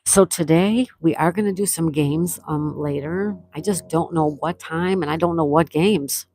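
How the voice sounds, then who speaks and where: A little hiss or hum sits under this woman's low, darkish voice as she speaks at normal speed. Hosting a casual live stream with her Buffalo, New York accent, she chats, reads viewers' comments out loud, and responds to them.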